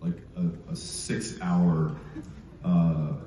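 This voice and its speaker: A man's voice: low-pitched, flat delivery, extremely slow. A man on a convention panel, chatting loosely in a stop-start, laughing way. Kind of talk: casual panel talk. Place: large convention hall. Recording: distant dull echoey hall with loud crowd.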